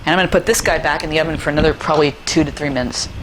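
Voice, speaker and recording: Against a noisy background, a middle-aged woman with a deep, steady-toned voice talks very fast while hosting a cooking show in her kitchen. She's talkative and enthusiastic, showing how to make a recipe with playful asides.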